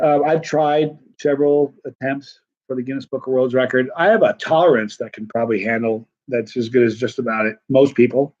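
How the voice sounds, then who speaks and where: A man's voice: mid-range voice, a little mellow, lo-fi sound. Chatty man hosting a live stream. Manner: rambling, full of restarts and fillers, chatty. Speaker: hot-pepper challenge channel host. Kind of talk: casual live-stream chat reading viewer comments.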